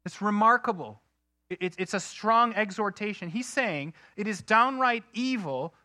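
A man preaching a sermon in an earnest, emphatic way, slowing down to stress key phrases. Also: high-pitched, pushed and bright, dry recording, clean studio sound. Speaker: pastor.

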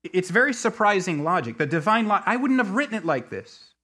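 A middle-aged man preaching a sermon, telling a story with many restarts and swinging between quiet asides and emphatic peaks. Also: high-pitched, sing-song, fairly quick. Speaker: pastor.

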